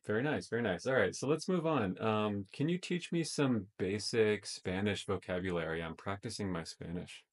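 A man's voice: fairly low pitch, animated, moderate pace, few pauses. A man casually testing a voice assistant in a tech demo video, speaking loosely with frequent ums. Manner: casual, tentative, many fillers.

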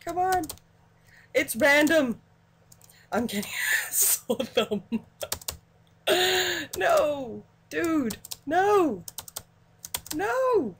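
A woman narrates her own gameplay in an excitable, giggly way, cursing cheerfully when things go wrong. She talks at a slow, drawn-out pace in a slightly high voice. Faint keyboard clicks sit underneath. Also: slight background noise. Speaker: gaming channel host. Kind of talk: let's play commentary.

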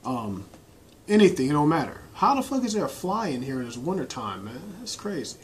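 A fairly high-voiced man rants straight into his laptop webcam from a dim room. He talks bluntly in loose slang, swearing constantly as he lays out his views on training. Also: big pitch swings, brisk, a little hiss or hum. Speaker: bodybuilder vlogger. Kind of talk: casual profane rant to camera. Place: indoor room lit by laptop and corner lamp.

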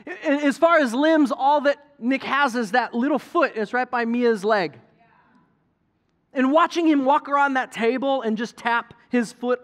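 A middle-aged male pastor preaching a sermon in a conversational, animated storytelling way, acting out quotes from people. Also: extremely high pitch.

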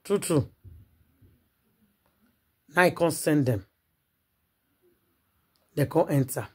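A woman with a Nigerian accent telling celebrity gossip as an animated story, repeating words for emphasis and acting out the people she quotes. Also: low voice, takes it slowly, husky.

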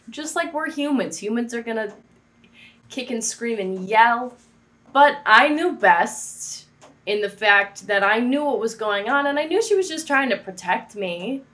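A woman's voice: fairly high pitch, lively intonation, slow pace, bright, forceful tone. Chatty woman vlogging from her apartment. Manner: chatty and jokey, with playful asides. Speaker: faith video host. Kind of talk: casual vlog monologue.

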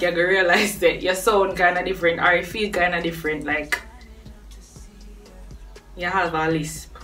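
A woman's voice: on the low side, sharp tone, far from the mic. A young woman with a Jamaican accent talking casually to camera, chatty and laughing between points. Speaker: vlogger. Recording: voice a bit off-mic with faint music behind.

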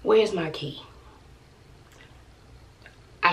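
Exasperated Texan mom with a gravelly voice. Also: female voice, mid-range voice, animated, a little slow, recorded from a distance, a little hiss or hum. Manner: exasperated, emphatic storytelling. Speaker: family vlogger. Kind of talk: venting to camera.

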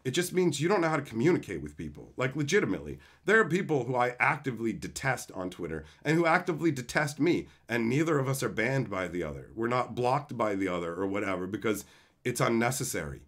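A man's voice: medium pitch, sing-song, quick pace, fairly bright tone. A man streaming live, ranting in an exasperated, profane way about entitled viewers. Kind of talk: livestream rant.

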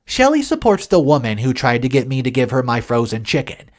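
A storyteller reads an online forum post aloud, the pitch rising and falling a great deal from phrase to phrase. The voice sits in a middle register, and the telling is steady and matter-of-fact. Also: fairly quick. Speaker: story narrator.

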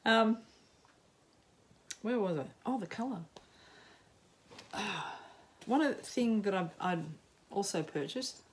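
Middle-aged Aussie woman, unhurried rambling chat, self-mocking, lots of ums. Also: mid-range voice, animated, a little hiss or hum. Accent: Australian. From Australia. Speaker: knitting podcaster. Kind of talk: casual chat to camera. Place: home, in sunshine.

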